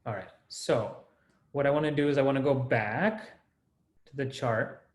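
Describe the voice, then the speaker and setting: A man's voice: mid-range voice, normal speed, echoey room. A man teaching an online class, explaining rules step by step and often checking in with the students. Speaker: Sanskrit teacher.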